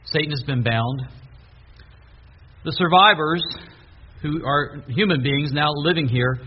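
A man preaching a sermon, earnestly reading scripture aloud with emphasis. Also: mid-range voice. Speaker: pastor. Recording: dull lo-fi recording, faint hiss.

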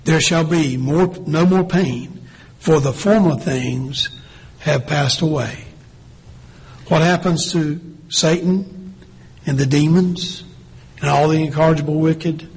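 A man preaching a sermon in a slow, deliberate way, reading scripture aloud with long pauses. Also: a little high, darkish tone, breathy edge, low-quality recording. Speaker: pastor.

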